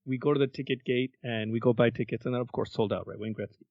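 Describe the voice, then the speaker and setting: A man talks quickly as he co-hosts a casual podcast. He tells his stories with energy and acts out what people said, and he swears freely. The audio is dry and a little dull, like a lo-fi podcast recording. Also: mid-range voice, no room sound. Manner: animated storyteller who acts out quotes and swears casually. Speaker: podcast co-host. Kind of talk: casual chat, storytelling.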